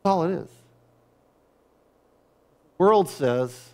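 A middle-aged pastor preaches a sermon a little slowly, pausing often. He tosses in wry, conversational asides and moves between quiet, low passages and loud, driving peaks.

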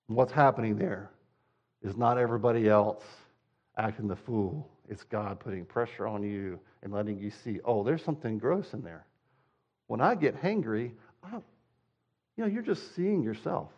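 A man's voice: on the low side, normal speed, darkish tone, dull audio. A male pastor preaching a sermon, direct and conversational, using emphatic repetition.

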